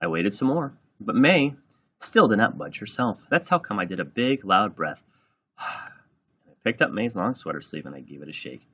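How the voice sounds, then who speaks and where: A man with a low, husky voice reads a children's storybook aloud, swooping lively through every line. His tone is bright and forward. The recording sounds dull and lo-fi. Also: brisk. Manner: animated, plays out every line. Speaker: reader. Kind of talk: children's book read-aloud.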